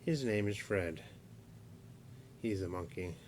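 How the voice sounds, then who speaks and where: A man's voice: lowish voice, a little slow, slight background noise. A man doing a playful puppet skit for his young nephews, acting as the patient, mock-stern straight man to his puppet.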